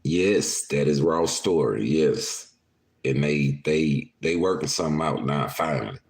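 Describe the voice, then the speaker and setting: This is a bass-voiced man speaking at a measured pace. As a podcast host streaming live from his house, he banters casually and crudely with the chat and breaks into frequent laughter.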